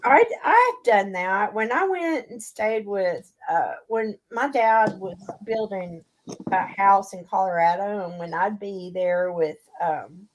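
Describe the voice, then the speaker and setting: A woman's voice: medium pitch, background noise. A chatty woman from Texas with a Southern drawl, co-hosting a casual talk show and laughing often as she tells stories. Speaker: podcast co-host. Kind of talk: casual chat.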